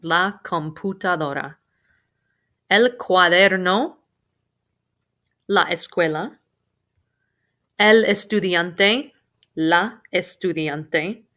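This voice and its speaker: A woman teaching a recorded Spanish vocabulary lesson, pronouncing each word slowly and carefully with casual asides. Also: fairly low pitch, a bit bright.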